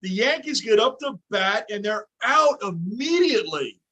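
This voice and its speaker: A man's voice: sits high, sing-song, moderate pace, sharp tone, poor audio. A man hosting a sports fan livestream, chatting casually and grumbling about his team's play. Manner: grumbling, complaining about the game. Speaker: livestream host.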